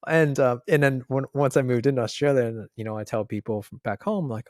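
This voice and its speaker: A man's voice: mid-range voice, fairly quick, few pauses, darkish tone, dry recording. A middle-aged Canadian man co-hosting a podcast, chatting casually and telling stories animatedly, mimicking others and laughing often. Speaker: podcast co-host. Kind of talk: casual chat.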